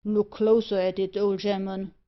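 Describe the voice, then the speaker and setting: A woman's voice: medium pitch, little pitch movement, normal speed, muffled recording, natural voice. A woman reading aloud, voicing a mocking street porter who jeers at passers-by. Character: jeering London street porter man.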